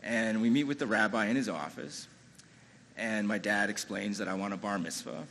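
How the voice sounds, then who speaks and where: A man's voice: lowish voice, normal speed, fairly bright tone, slight background noise, rough recording. A man telling a true-feeling personal story live on a ballroom stage, in a conversational way with lots of "you know" and "like". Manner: amused, chuckles through the telling.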